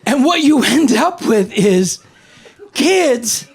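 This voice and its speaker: A man doing a stand-up routine with a slow, drawn-out deadpan delivery. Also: extremely high pitch, slightly rough. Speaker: stand-up comedian. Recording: live club audience laughing.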